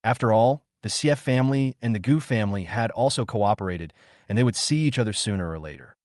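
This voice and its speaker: A man narrating a comic recap story in a steady, scripted storytelling way. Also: fairly low pitch, a little fast, dry recording, studio quality.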